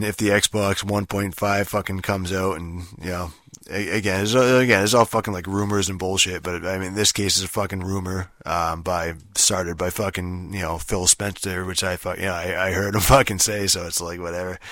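A man's voice: low voice, steady tone, brisk, a bit bright, no echo, clean studio sound. A man hosting his own podcast, ranting in a casual, rambling way, swearing constantly and padding with fillers. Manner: profane, rambling, full of fillers. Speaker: podcast host. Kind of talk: casual solo podcast rant.

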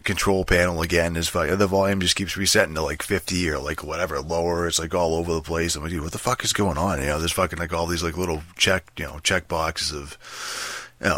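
Very deep-voiced man, rambling and swearing. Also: a bit bright, no room sound. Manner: swears constantly, rambling with many restarts and fillers. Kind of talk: casual rambling monologue. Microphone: headset mic.

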